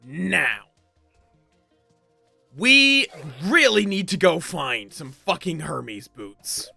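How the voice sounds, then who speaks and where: Casting: animated streamer, bright tone, loose sweary running commentary over faint game music. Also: medium pitch, drawn-out words, creaky, no echo. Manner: rambling, casual, swears freely; drifts into a mock accent. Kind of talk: live gameplay commentary.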